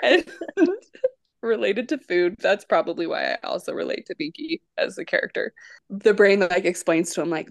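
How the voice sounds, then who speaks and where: A young woman co-hosting a casual podcast, giggling often as she retells scenes in an animated way. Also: lowish voice, normal speed, dry recording, clean studio sound. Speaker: podcast co-host.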